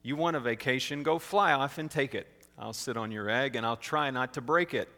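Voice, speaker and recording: A man voicing a faithful, gentle male elephant in a storybook read-aloud, speaking in an earnest, steady way. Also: mid-range voice, brisk. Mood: steadfast. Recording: long hall reverb.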